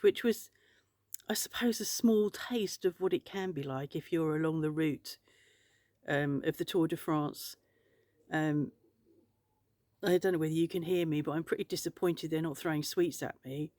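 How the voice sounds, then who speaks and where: In a dry, studio-quality recording, a woman from England vlogs at her home in France, chatting casually to camera. Her voice is low and warm, and she rambles, speaks outspokenly and swears freely.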